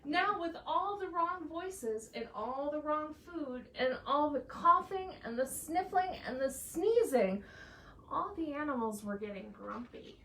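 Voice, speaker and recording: A high-voiced woman reads a children's story with lively, swooping intonation and an unhurried pace. She sounds playful and animated, picked up from some distance in an echoey room with faint background noise. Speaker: church staff member reading to children. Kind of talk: children's story read-aloud.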